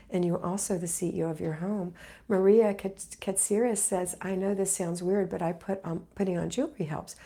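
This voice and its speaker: A woman's voice: lowish voice, creaky, mellow, slightly rough. A middle-aged woman hosting a live homemaking Q&A, reading viewer comments aloud and answering them in an encouraging, motherly way, just getting over an illness. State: recovering from illness. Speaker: homemaking livestream host.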